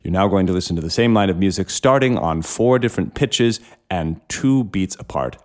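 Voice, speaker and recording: A man's voice: low-pitched, animated, a little fast. A man hosting a music lesson, patiently explaining step by step while he plays a keyboard. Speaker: music educator and host. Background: harpsichord playing.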